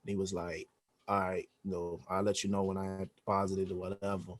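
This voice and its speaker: This podcast guest has a low-sitting voice and talks at normal speed. In a casual interview he tells an animated story, performing the dialogue himself and loading it with slang and curses.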